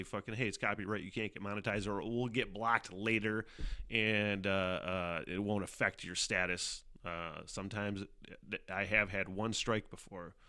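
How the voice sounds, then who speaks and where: Man, podcast host, low voice, rambling, swears a lot, self-mocking. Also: pushed and bright, no echo, clean studio sound. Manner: profane, rambling, self-mocking, laughs often. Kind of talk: casual solo live-stream podcast. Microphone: headphones on, desk mic.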